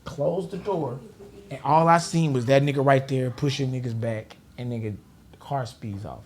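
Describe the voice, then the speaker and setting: A man's voice: medium pitch, normal speed, a little mellow. A middle-aged man from Los Angeles, a podcast guest telling stories casually and animatedly, laughing often and acting out other people in a raised voice. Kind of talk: casual storytelling. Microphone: studio podcast mic.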